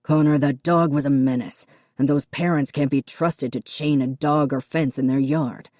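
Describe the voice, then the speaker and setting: Audiobook dad: woman narrator doing a harsh, snapping rich father, low and dark-toned, dry close read. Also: steady tone, normal speed, no echo, lightly acted. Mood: lecturing. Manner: curt, snapping, dismissive. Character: harsh stern wealthy father, middle-aged man. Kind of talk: audiobook character reading.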